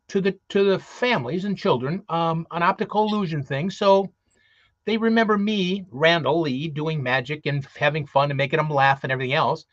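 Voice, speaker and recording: A slightly high-voiced man talks earnestly about performing as Santa and often circles back and restarts his sentences. The sound is muffled and lo-fi. There is no room echo at all. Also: a bit bright. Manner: earnest, rambling with repeated restarts. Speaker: co-host, Santa performer and magician. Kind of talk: casual live-stream talk.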